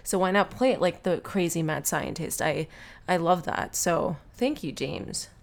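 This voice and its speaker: A woman's voice: fairly low pitch, lively intonation, measured pace, creaky. A woman co-hosting a fan podcast, chatting in a playful, musing way and searching for words. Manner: playful, musing, hesitant with fillers. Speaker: podcast co-host. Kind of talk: casual fan podcast chat.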